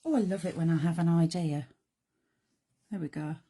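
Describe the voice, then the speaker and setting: A middle-aged woman hosting a live craft demonstration, chatty and self-deprecating, thinking aloud as she works, her voice going croaky. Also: lowish voice, normal speed, warm tone. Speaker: craft show host.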